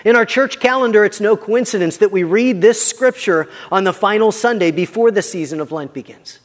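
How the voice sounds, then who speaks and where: A man with a fairly high voice preaches a sermon in a church. He talks earnestly and conversationally, often dropping soft to stress a point. His words ring out with a long hall reverb. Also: a little fast. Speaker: pastor.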